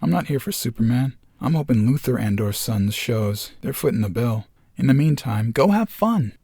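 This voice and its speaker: A man's voice: mid-range voice, lively intonation, moderate pace, vocal fry, warm tone, husky, dry recording, clean studio sound. A man voicing a blunt, shrewd woman reporter of forty in a screenplay reading, brash and bossy.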